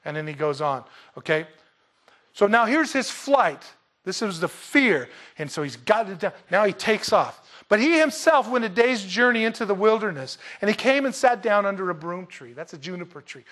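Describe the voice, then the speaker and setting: A man delivers a sermon with a slightly raised pitch for his sex. He jokes with his listeners and swings from loud, emphatic lines down to quiet asides. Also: fairly quick. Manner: lively, joking, dramatic swings in loudness. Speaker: pastor.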